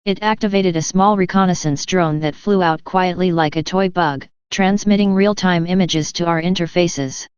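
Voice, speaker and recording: A woman narrating a first-person story in an even, measured reading style. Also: fairly low pitch, clear, resonant tone, dry recording. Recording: dull lo-fi sound.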